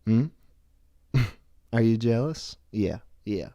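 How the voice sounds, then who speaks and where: Slow, rambling, self-deprecating man host. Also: mid-range voice, a little mellow, no echo, clean studio sound. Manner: self-deprecating, halting with restarts. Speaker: livestream show host. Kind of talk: rambling comedic monologue.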